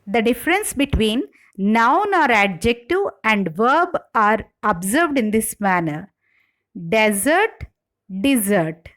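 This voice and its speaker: A woman giving a slide-based English lecture, reading out example words one by one in a slow, deliberate way. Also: on the high side, fairly bright tone.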